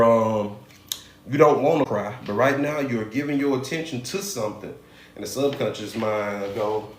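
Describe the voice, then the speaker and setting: A middle-aged man and hypnotherapist giving a live teaching talk, conversational and animated, with rhetorical questions to his viewers. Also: mid-range voice. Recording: roomy room with faint noise.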